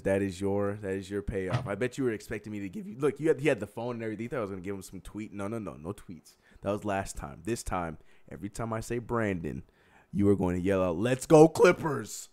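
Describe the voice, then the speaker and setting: A man's voice: low-pitched, quick pace. A man hosting a casual live-stream quiz, teasing his co-host and laughing often, with faint music behind. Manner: teasing, laughs a lot, lively. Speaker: show host running a quiz.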